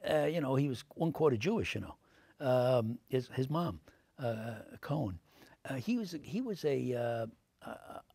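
An older man, an actor answering interview questions with lively anecdotes full of fillers, in a TV studio. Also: medium pitch, no echo. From Brooklyn, New York. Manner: animated anecdotes, many fillers, acts out quoted voices.

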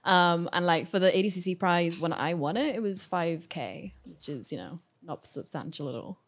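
A woman from Wales with a Welsh accent tinged with Irish, a grappling athlete chatting softly and hesitantly as a podcast guest. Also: fairly low pitch, animated, normal speed. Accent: Welsh with some Irish. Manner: soft-spoken, hesitant with fillers, laughs easily. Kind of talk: casual podcast chat.

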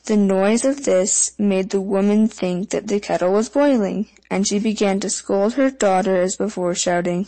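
A woman narrating a fairy tale audiobook in an even, measured storytelling manner. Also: mid-range voice, low-quality recording.

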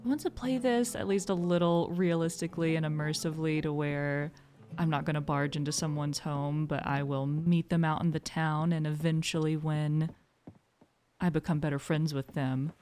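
A young woman giving gentle, calm and reflective commentary while she plays a game. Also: sits low, normal speed, soft background music. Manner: soft-spoken, calm and reflective. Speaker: gaming video host. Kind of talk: gentle mindful gameplay commentary.

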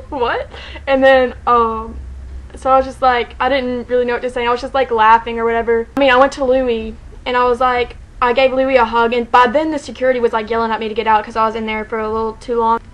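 Excited rambling young woman, high voice. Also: fast, low-quality recording. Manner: excited, rambling, heavy use of "like", frequent laughter. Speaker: fan telling a story. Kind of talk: casual storytelling vlog.

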